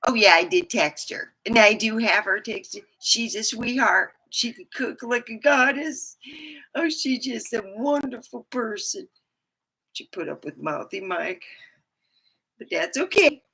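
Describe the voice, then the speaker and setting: A middle-aged woman chatting on a casual livestream, rambling and animated, with sudden high whoops. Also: unhurried, breathy edge, low-quality recording. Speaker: livestreamer and comedy chat host.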